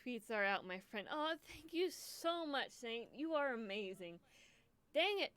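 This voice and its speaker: A woman's voice: fairly high pitch, sing-song, measured pace, fairly bright tone, clear, resonant tone, no echo. A young woman hosting a charity livestream, emotional and choked up, stammering and repeating herself as she talks casually to her viewers. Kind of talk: casual live stream chat.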